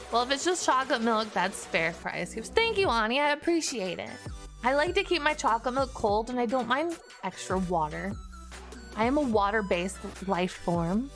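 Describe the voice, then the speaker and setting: Bubbly high-voiced woman streamer. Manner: bubbly, chatty, laughs often. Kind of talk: casual live stream chat.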